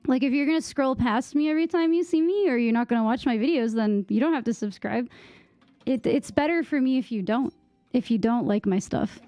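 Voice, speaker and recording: A woman's voice: on the high side, a little fast, mellow, dry recording. A young American woman chatting casually with viewers on a game stream, giggling and trying out bits of French. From United States.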